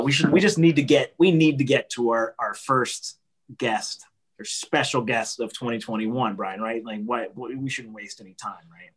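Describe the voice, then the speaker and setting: A man co-hosting a comedy podcast, joking around in casual chat, often restarting his sentences. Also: mid-range voice. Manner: joking, playful, with frequent restarts. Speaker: podcast co-host.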